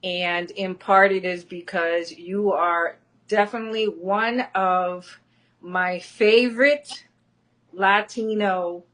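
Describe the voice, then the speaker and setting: A woman's voice: mid-range voice, steady tone, slow pace, fairly bright tone. A woman hosting a podcast, introducing her guest in a casual chat with frequent ums. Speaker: podcast host.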